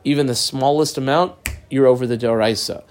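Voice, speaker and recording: Man, Talmud teacher, reads Aramaic then explains, yeshiva-style Hebrew, middle pitch. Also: fairly quick. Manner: uses Yiddish-influenced yeshiva pronunciation of Hebrew. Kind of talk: Talmud study class.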